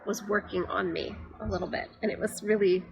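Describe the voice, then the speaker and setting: A woman giving an earnest, confessional faith talk for her church, often pausing on fillers. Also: mid-range voice, fairly even intonation, creaky, rough recording. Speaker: church speaker.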